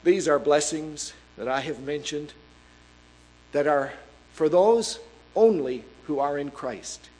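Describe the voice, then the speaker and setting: A man preaching a sermon in an earnest, emphatic way, reading scripture aloud and slowing down to stress key words. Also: on the high side, a little mellow, rough recording.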